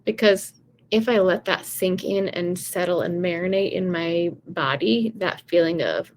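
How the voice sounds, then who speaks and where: A woman's voice: lowish voice, a little slow, slight background noise. A woman vocal coach giving casual, encouraging advice in a chatty way, often saying "you know" and "right".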